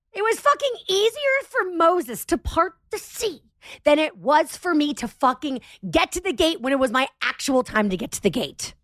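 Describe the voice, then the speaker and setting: A woman podcast host telling a comedic story in a profane, animated, self-mocking rant. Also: high voice, normal speed, no echo, studio quality.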